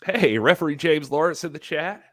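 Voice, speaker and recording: A man's voice: a little high, animated, a little fast, fairly bright tone, no echo. A man co-hosting a casual wrestling talk show over a video call, chatting in a loose, rambling way. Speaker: podcast co-host. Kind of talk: casual chat.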